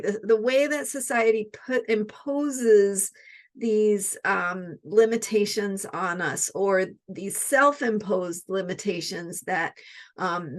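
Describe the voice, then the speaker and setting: A woman astrologer teaching in a reflective spoken style, often repeating her questions and asking "right?" between her points. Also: mid-range voice.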